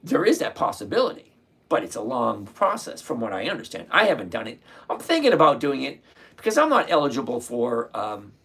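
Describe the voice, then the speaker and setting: A man, hosting a casual trading livestream and chatting with viewers by name, relaxed and quick to laugh. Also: mid-range voice, slightly rough. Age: 60s. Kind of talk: casual livestream chat reading viewer comments.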